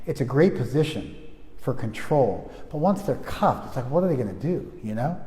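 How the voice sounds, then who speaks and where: A spiritual teacher giving an informal talk to a group, conversational and full of restarts, often checking that listeners follow. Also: male voice, mid-range voice, very animated, moderate pace, warm tone, big-room sound.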